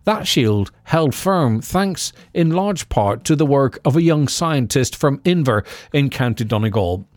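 A man's voice: mid-range voice, expressive, a little mellow, dry recording, studio quality. A man hosting a podcast, reading a scripted introduction and then asking questions politely with frequent uhs. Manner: polite, halting with uh and um when asking. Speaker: podcast host.

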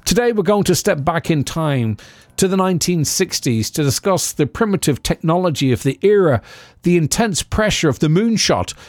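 A man's voice: fairly high pitch, animated, dry recording, studio quality. A man hosting a podcast, reading a scripted introduction and then asking questions politely with frequent uhs. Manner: polite, halting with uh and um when asking. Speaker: podcast host.

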